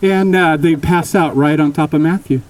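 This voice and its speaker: A man telling a tale aloud in a loose, chatty way, restarting phrases as he goes. His voice sits a little high for a man. The mic catches him from a short distance. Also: normal speed. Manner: relaxed, rambling, self-correcting. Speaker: storyteller. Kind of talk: casual oral storytelling.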